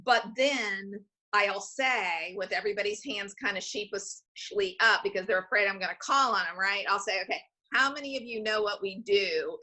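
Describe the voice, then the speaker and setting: A woman's voice: mid-range voice, bright, forceful tone. A woman who heads a community foundation, speaking as a guest in a conversational interview. She explains things at length and often checks in with the listener by asking "right?". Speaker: foundation president and CEO, podcast guest.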